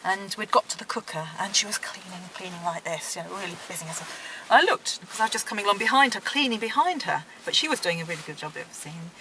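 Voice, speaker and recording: A middle-aged woman, interviewed, recounting her dreams in a gentle, earnest way. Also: medium pitch, expressive, fast, hardly any pauses, a little hiss or hum, poor audio. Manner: gentle, earnest storytelling with soft laughs.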